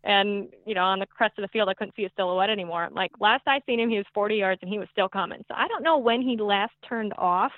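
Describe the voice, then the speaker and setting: A woman guest telling a hunting story in a podcast chat, excitable and quick, with many fillers. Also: medium pitch, no echo. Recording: tinny phone-like line, dry.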